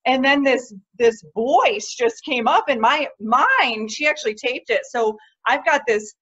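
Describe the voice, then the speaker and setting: A woman's voice: high voice, measured pace, breathy edge. Lo-fi interview host, a woman. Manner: animated, shares personal experience. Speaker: podcast host. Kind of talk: conversational interview.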